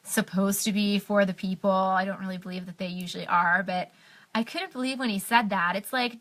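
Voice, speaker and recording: A woman's voice: mid-range voice, fairly even intonation, moderate pace, pushed and bright. A young adult woman from the United States talking on a live stream, impassioned, with many fillers and restarts. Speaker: health blogger on a live stream.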